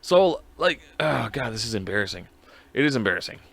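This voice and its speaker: A man's voice: medium pitch, big pitch swings, a little fast, vocal fry, fairly bright tone. A man hosting a podcast alone, chatting casually in a rambling, profane, self-mocking way. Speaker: podcast host. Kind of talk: casual solo chat.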